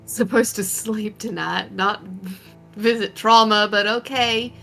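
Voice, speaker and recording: A woman playing a tabletop game, quick and self-correcting. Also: medium pitch, steady tone, gravelly, a bit bright, soft background music. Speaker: player.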